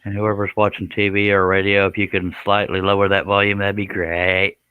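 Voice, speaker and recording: A man's voice: fairly low pitch, little pitch movement, fairly quick, clear, resonant tone, dry recording, phone-quality sound. A man hosting a casual woodworking live stream, joking and bantering in a folksy way.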